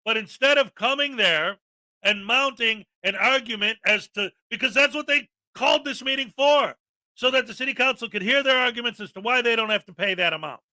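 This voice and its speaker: A man hosting a reaction commentary show, ranting sarcastically and shouting often as he mocks the people in a video. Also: very high voice, fairly quick, dry recording. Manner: sarcastic, mocking, shouts often and acts out mock voices. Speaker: commentary channel host.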